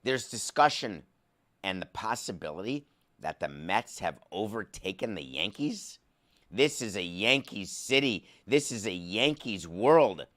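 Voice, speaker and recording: A man's voice: fairly low pitch, expressive, measured pace, fairly bright tone. A man who hosts a sports podcast, delivering a sarcastic monologue full of comic asides.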